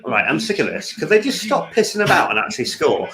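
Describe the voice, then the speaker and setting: An excitable man chatting casually while watching a football match, swearing and laughing easily. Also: a little high, fast. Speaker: co-host.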